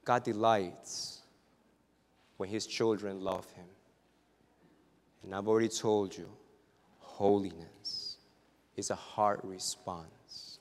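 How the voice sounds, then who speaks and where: A male pastor preaching a sermon. His delivery is dramatic and full of humorous stories, and it swings from hushed asides to loud exclamations. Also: fairly low pitch, steady tone, takes it slowly, long pauses. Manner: humorous storytelling. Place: church sanctuary. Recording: reverberant church hall.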